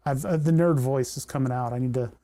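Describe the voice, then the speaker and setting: An electronics livestreamer chats casually while soldering, thinking aloud and talking to the parts in his hands. His voice is medium-pitched, fast and warm in tone.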